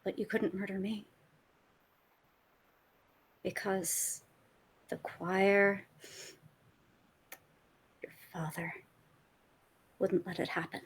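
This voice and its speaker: A woman playing a tabletop game, speaking slowly in a hushed, menacing way with some words whispered. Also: mid-range voice, steady tone, husky. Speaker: player. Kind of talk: in-character villain message, then table chat.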